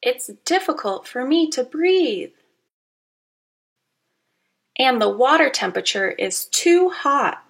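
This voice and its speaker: A woman reading aloud as a picky, adventurous young trout from a storybook, fretting and exclaiming over every stream she tries. The voice is bright and clear and swings widely in pitch. It stays lively as she judges each habitat. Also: takes it slowly, pauses often, exaggerated voice. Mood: disgusted. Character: adventurous female steelhead trout, fussy about water.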